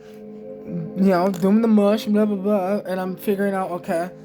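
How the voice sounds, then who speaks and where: A man's voice: sits high, little pitch movement, measured pace, dark tone, soft background music. A man vlogging a rambling first-person trip report, emotionally stirred and swearing freely with many fillers.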